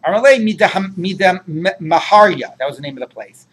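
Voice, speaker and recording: A man's voice: high-pitched, animated, fairly quick, fairly bright tone, slight background noise. A man teaching a Talmud class, translating Aramaic phrases line by line, chatty and prone to jokes.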